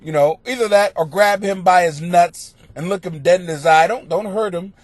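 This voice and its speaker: A man hosting a comedy podcast, reading out listener questions and answering them in a crude, profane, mocking rant that swings into yelling. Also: sits high, moderate pace, dry recording. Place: home basement.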